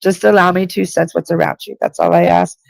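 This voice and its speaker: A woman's voice: on the low side, fairly quick, vocal fry, no echo. A woman giving intuitive readings on a live stream, speaking directly and reassuringly and repeating her key points. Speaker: psychic reader.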